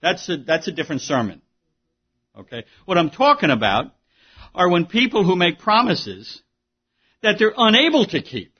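Male pastor, husky voice, slightly high, emphatic conversational sermon style, muffled recording. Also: big pitch swings, normal speed, pauses often. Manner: emphatic, conversational preaching with asides and rhetorical questions.

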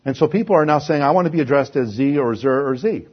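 A male pastor from Canada preaching with fervor, his voice a bit husky and set somewhat high. He drops into mocking impressions and swells to emphatic peaks. The recording sounds dull and lo-fi. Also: quick pace. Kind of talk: sermon.

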